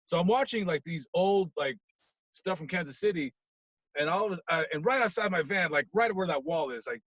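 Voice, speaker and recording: A man telling a story as a podcast guest, acting out voices and swinging from loud outbursts to low mumbles. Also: expressive, brisk, dry recording, muffled recording. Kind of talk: animated storytelling. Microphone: podcast mic.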